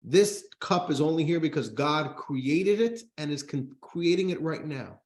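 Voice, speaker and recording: A man, a rabbi, teaching a class, reading a text aloud and explaining it in an animated way to listeners. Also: a little high, measured pace. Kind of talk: Torah class lecture. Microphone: microphone in front of him.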